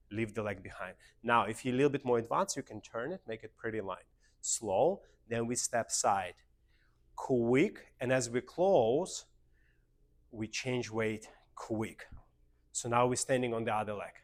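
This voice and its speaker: A man with a Russian accent leads a beginner dance class. He counts the steps aloud and coaches his students. His voice sits at an ordinary middle pitch. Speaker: dance teacher. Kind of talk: dance lesson instruction.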